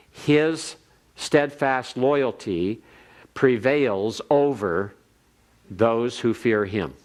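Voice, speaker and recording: An older man teaching a grammar class, explaining in a measured way and reading Hebrew phrases slowly for students to repeat. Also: lowish voice. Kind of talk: classroom lecture.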